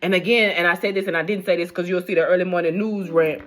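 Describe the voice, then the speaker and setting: A woman's voice: on the low side, steady tone, fast. A young adult woman, giving her blunt, rambling, profane opinions in a casual unscripted news rant. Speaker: news commentator vlogger.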